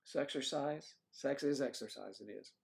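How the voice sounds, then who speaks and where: Gravelly older man telling rambling stories. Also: mid-range voice, moderate pace. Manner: rambling anecdotes with frequent restarts and throat clearing. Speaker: livestream host. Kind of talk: casual chat reading viewer comments. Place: home livestream setup.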